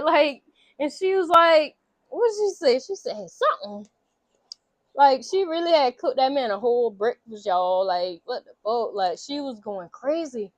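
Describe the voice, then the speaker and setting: A woman vlogger casually recapping a movie, animated, chatty and profane. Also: high voice, unhurried, dry recording.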